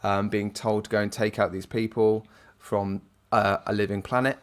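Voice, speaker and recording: A man's voice: on the low side, level tone, normal speed. A man co-hosting a podcast in casual chat, rambling and hesitant with many fillers. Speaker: podcast co-host.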